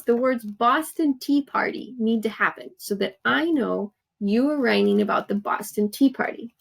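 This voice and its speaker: Woman teacher explaining homework slow and encouraging, bit of fry, kinda higher voice. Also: animated, low-quality recording. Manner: patient, encouraging, explains step by step with examples. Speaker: third grade teacher. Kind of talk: recorded remote lesson instructions.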